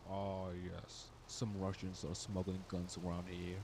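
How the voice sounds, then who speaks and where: An actor playing a crime boss in a game, giving orders in a matter-of-fact way. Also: male voice, low-pitched, completely flat delivery, a little slow, a little mellow, a little hiss or hum. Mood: commanding. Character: gruff male crime boss handing out jobs.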